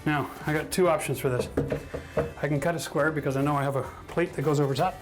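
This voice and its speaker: Chatty DIY man, higher voice. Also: steady tone, fast, music in the background. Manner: chatty, self-mocking, laughs at his own mistakes. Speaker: DIY renovation host. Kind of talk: casual how-to narration. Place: bathroom under renovation.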